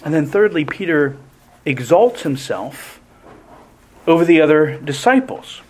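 A man preaching a sermon in a deliberate, emphatic way, often restarting his phrases. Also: on the high side, very animated, darkish tone, husky.

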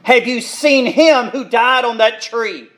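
Male preacher with a high voice, delivering an impassioned sermon with dramatic swings in volume. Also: slow pace. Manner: impassioned, emphatic, swings between loud and hushed.

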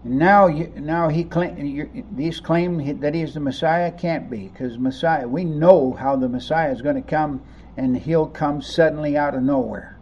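A man preaching a sermon, animated, acting out the voices of people in the story as he teaches. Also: on the high side, measured pace, muffled recording, slight background noise. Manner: animated, acts out voices of the crowd and disciples. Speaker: pastor.

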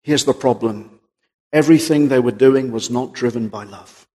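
A man preaching with a husky, slightly breathy voice, earnest and emphatic as he reads old-style scripture. His words ring out with a long reverb from a big hall. His pitch sits in a middle range for a man. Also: normal speed, mellow. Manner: earnest, emphatic, quotes King James scripture. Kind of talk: sermon.

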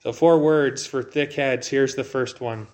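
A man's voice: mid-range voice, fairly even intonation, measured pace, a little mellow. A man preaching a sermon in a conversational way, asking rhetorical questions and using light humor. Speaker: pastor.

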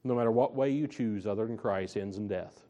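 A man preaching a sermon, slow and emphatic, stressing and repeating his key phrases. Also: lowish voice, warm tone.

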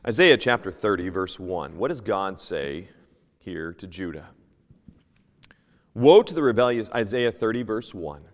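A man teaching a Sunday school lesson, reading King James scripture aloud and moving between loud emphasis and hushed asides. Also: lowish voice, sing-song, unhurried, in a large hall. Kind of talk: Bible teaching, sermon. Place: church.

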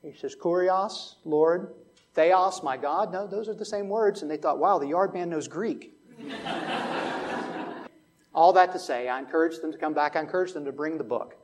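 A man's voice: a little high, a little fast, slight background noise. A man preaching a sermon as pastor, telling a story and rising to emphatic preaching.

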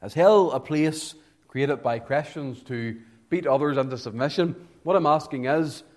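Fervent preacher man, hushed then booming. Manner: swings between hushed lows and loud, emphatic climaxes, drawing out key words. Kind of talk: evangelistic sermon.

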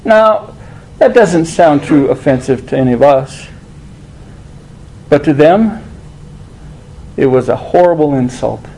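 A man's voice: fairly high pitch, expressive, takes it slowly, long pauses, dark tone, low-quality recording. A man preaching a sermon, conversational and emphatic, asking rhetorical questions.

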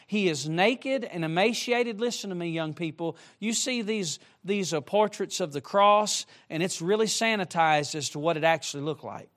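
A middle-aged man preaching to young people, with emphatic direct appeals and shifts between soft asides and loud, rising emphasis. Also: sits high, moderate pace, few pauses. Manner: emphatic, repeatedly urging listeners with direct appeals. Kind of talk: sermon to a youth congregation.

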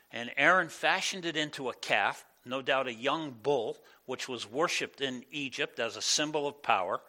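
A male pastor giving a conversational sermon in a church, animated and full of asides. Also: medium pitch.

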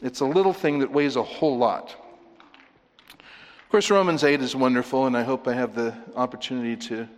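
A man preaching a sermon in an earnest manner, slowing down to read scripture and rising to emphatic stresses. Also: medium pitch, in a large hall.

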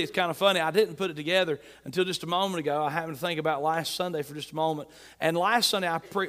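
A high-voiced man delivers an emphatic sermon. He reads scripture aloud and keeps coming back to key phrases. His words echo with a long church-hall reverb. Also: a bit bright. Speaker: pastor.

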